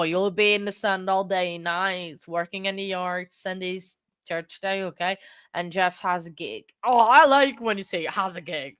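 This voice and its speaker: A woman's voice: mid-range voice, a bit bright, no echo. A woman hosting a livestream, chatting casually and reading viewer comments aloud in a rambling, self-deprecating way. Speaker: livestream host.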